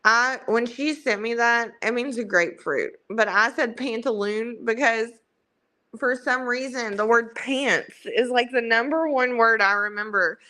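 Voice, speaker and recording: With a Southern US country accent, this woman hosts a livestream full of chatty, rambling, self-mocking casual talk. She speaks at a measured pace in a fairly high, sharp-toned voice.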